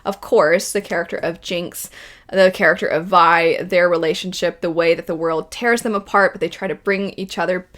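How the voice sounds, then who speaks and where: A woman's voice: lowish voice, fairly even intonation, moderate pace, a bit bright. A young woman hosting a video essay, gushing and rambling with emotion about stories she loves. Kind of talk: casual enthusiastic commentary.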